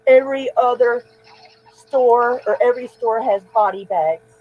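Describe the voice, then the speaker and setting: A woman's voice: on the high side, unhurried. A woman hosting an emotional live-stream monologue, upset and agitated, rambling and repeating herself. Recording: dull lo-fi stream audio.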